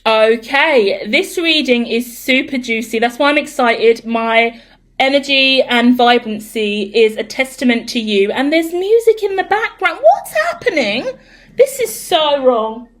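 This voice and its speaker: A woman doing a casual live tarot reading, chatty, excitable and rambling, with some swearing and a croaky, cracking voice. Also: fairly high pitch, a little slow. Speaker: tarot reader.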